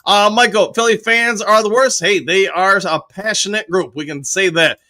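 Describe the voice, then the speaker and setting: A man's voice: high-pitched, moderate pace, bright, forceful tone. A man hosting a live stream, reading viewer comments aloud and answering each briefly in a casual way. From United States. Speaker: host reading live chat.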